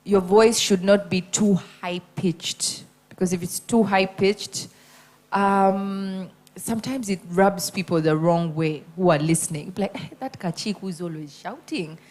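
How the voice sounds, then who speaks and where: A woman, a radio host judging a contest and giving spoken feedback to contestants. She talks in an animated, emphatic way, stressing and repeating her points. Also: mid-range voice, takes it slowly.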